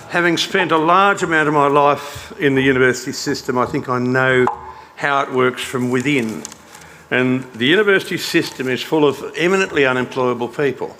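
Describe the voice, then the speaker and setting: A man's voice: mid-range voice, fairly bright tone, a little hiss or hum. An older Australian man giving a sardonic, mocking conference speech. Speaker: conference speaker.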